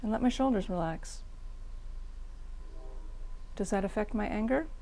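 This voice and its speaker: A middle-aged woman leads a meditation session, talking frankly and plainly. Her voice carries a gravelly, creaky texture at a mid pitch. She mixes teaching with guided practice and laughs at herself a little. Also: unhurried, mellow. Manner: frank, plain-spoken and self-deprecating. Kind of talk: dharma talk and guided meditation.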